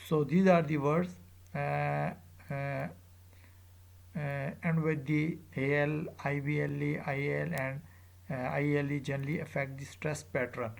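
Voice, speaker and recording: Slow gravelly male teacher. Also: fairly high pitch, level tone. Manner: slow and deliberate, spelling out letters one by one; frequent filler pauses. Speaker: English teacher. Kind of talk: recorded lecture.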